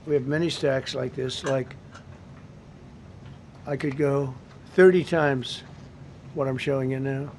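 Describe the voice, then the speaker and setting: A man's voice: mid-range voice, fairly even intonation, slow, pauses often, darkish tone, slight background noise. A man in his seventies giving off-the-cuff remarks at a press briefing in a government briefing room, blunt and repetitive, with rambling asides, into a podium microphone. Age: 70s.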